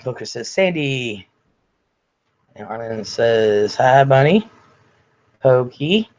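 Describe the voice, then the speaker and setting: An older man chats casually on a home livestream, reading out viewer comments in a blunt, chatty way with the odd curse. His voice sits at an ordinary pitch and sounds a little congested. The audio is slightly dull and lo-fi. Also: lively intonation, slow, darkish tone. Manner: chatty, blunt, swears freely. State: recovering from illness, congested. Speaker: livestream host.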